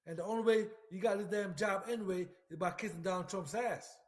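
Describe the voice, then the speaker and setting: This veteran's voice is high-pitched and brisk. His political rant is emphatic and repetitive, laced with profanity and full of questions aimed directly at whoever is listening.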